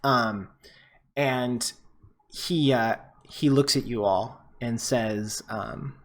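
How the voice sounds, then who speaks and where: A man's voice: medium pitch, drawn-out words. A man narrating as game master of a tabletop game, casual and full of fillers.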